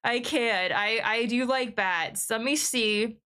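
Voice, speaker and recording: Chatty, excitable young woman streamer. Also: on the high side, slow, clear, resonant tone. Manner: rambling, excitable, laughs often. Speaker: game streamer. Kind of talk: casual livestream chat.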